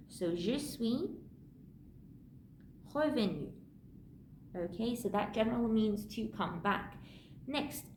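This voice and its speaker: A woman teaching a French grammar lesson, patiently repeating key points and slowing down to sound out the French words. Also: mid-range voice, darkish tone, reverberant, a little hiss or hum. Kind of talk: online language lesson.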